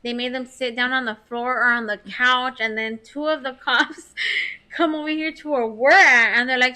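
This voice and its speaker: A woman's voice: high voice, normal speed, clear, resonant tone. A woman co-hosting a podcast, telling a story in casual chat with lots of swearing and laughter. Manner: animated, heavy swearing, laughs while telling. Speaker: podcast co-host.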